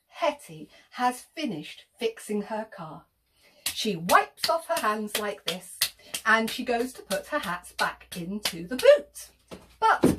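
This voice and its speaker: A woman tells an interactive story to small children in a slow, sing-song voice, dropping to whispers and gasping for effect. Her pitch leaps up and down with every line. She sits a little back from the microphone. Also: very animated, a bit bright, distant mic, a little hiss or hum.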